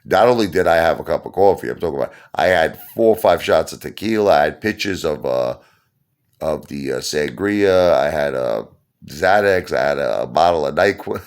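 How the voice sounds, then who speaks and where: A man telling a funny personal story in a rambling, animated way, repeating himself and laughing along. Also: extremely low pitch, moderate pace, smooth. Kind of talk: casual comedic storytelling.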